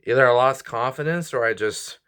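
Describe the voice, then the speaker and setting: A man in his twenties, a YouTuber and comedian, vents to the camera in a vlog, rambling, frustrated and weary, sighing often and apologizing. His medium-pitched voice moves fairly quickly and sounds clear, resonant and fairly bright.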